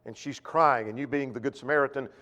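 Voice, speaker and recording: A man's voice: medium pitch, bright, forceful tone, dull audio. Emphatic male preacher in a reverberant hall. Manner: emphatic, slows down on key points, asks rhetorical questions. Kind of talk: sermon. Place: church auditorium.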